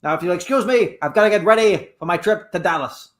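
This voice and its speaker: Man playing a solemn president on TV, formal, grave, fairly high voice. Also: fast talker, fairly bright tone. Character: stern US president addressing the nation. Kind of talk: improvised comedy.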